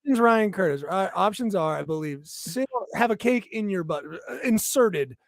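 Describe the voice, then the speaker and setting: A man's voice: high voice, animated, normal speed, gravelly, no echo, clean studio sound. A man hosting a comedy podcast, teasing his guests with playful, crude banter and frequent laughs.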